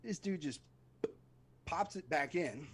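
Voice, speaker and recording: A man's voice: a little high, takes it slowly, slightly rough. A middle-aged man, an Army veteran, telling stories as a guest in a casual interview and acting out voices and sounds. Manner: animated, acts out voices and sounds in his stories. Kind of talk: casual storytelling in a podcast interview.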